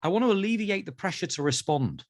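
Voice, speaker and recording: A British man, a therapist, telling animated stories in an interview and acting out voices. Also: sits high, fast, no echo, clean studio sound. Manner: acts out voices in anecdotes. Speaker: therapist guest.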